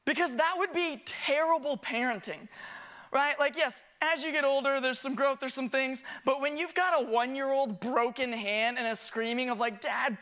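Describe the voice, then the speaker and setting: Bright-voiced animated preacher man. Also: very high-pitched. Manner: animated, self-mocking, acts out scenes. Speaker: family discipleship pastor. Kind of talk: sermon with personal storytelling.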